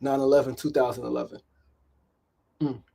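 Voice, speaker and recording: A man's voice: mid-range voice, level tone, normal speed, gravelly, dark tone, slightly rough. A middle-aged man hosts a motivational daily talk show, speaking emphatically, repeating himself and often asking "right?". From New York City. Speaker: host.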